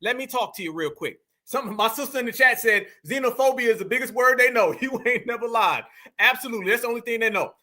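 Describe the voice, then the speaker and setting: A man with a strikingly high, bright and forceful voice hosts a live stream. He talks emphatically and turns often to his chat. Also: fast. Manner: emphatic, addresses the chat directly. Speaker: livestream host.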